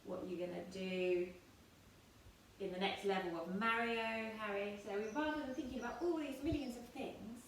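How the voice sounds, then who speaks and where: A woman in her thirties teaching yoga to children, giving gentle, playful, encouraging instructions. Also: fairly high pitch, normal speed. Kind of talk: guiding a kids' yoga class. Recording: echoey room, distant mic, faint noise.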